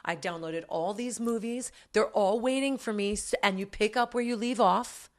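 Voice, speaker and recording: A woman's voice: mid-range voice, normal speed. A woman co-hosting a podcast, gushing with emphatic enthusiasm in casual chat. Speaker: co-host.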